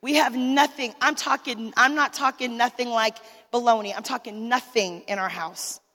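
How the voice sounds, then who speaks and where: A woman's voice: fairly high pitch, normal speed, sharp tone. A woman giving an emotional sermon testimony as a minister's wife, talking straight to the listeners. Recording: long hall reverb.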